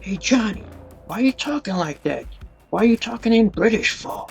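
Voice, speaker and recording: A man plays baffled young friends in an acting class, their questions climbing in pitch. The voice is lively and gravelly, with faint music underneath. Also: normal speed. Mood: puzzled. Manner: incredulous, teasing questions.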